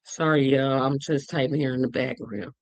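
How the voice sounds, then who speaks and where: A woman hosting her own show, talking through a movie in an animated, emphatic way and repeating words for effect. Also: rumbling low, moderate pace, no echo. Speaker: show host. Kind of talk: casual movie review chat.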